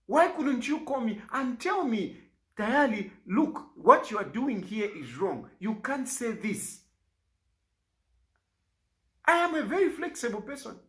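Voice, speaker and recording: A man's voice: very high voice, fairly bright tone. A man with a Zambian accent making an aggrieved, pleading public statement, repeating himself for emphasis. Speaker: politician.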